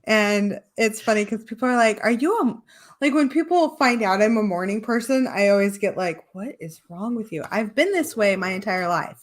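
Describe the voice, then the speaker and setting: A woman's voice: medium pitch, normal speed. A young adult woman hosting a casual podcast chat, chatty and laughing often. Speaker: podcast host.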